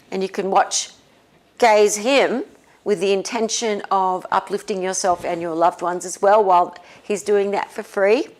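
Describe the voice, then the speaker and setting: A woman spiritual teacher talking casually and leading a guided meditation, relaxed and often laughing. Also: mid-range voice. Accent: non-American English. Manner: slow, relaxed, with frequent laughs.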